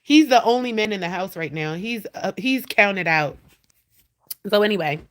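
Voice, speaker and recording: A woman hosting a casual livestream from home, animated, blunt and profane as she talks straight to her viewers. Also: medium pitch, moderate pace, a little hiss or hum. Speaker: livestream host. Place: at home indoors.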